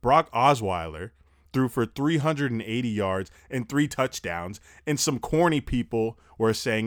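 A young man hosting a casual football recap podcast, talking fast, animated and profane, breathing heavily into a close mic. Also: medium pitch, no echo. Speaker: sports podcast host.

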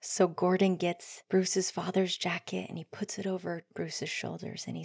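A woman hosts a solo podcast in an earnest, heartfelt way. Her voice sits a little low, and she often sinks into soft near-whispers. The recording is close and dry, with no room sound. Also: little pitch movement, normal speed, hardly any pauses, slightly rough, no room sound. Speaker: podcast host.

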